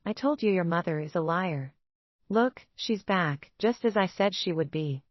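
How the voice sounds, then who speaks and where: An icy, contemptuous wolf alpha man speaks in a low, harsh voice, as a woman narrator reads his lines. The sound is dry and dull. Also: animated, unhurried, dry recording. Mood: scornful.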